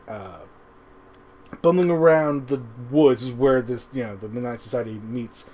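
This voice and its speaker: A man with a slightly high voice talks through a rewatch review with a lot of rise and fall in his pitch. He rambles and swears freely, and stops to chuckle as he goes. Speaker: show reviewer. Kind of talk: casual review commentary. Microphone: webcam recording.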